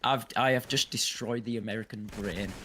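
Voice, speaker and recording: Rambling guy, lowish voice. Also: fairly even intonation, brisk, crowd noise. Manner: rambling, stops and restarts mid-thought. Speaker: streamer. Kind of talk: casual chat on a live stream.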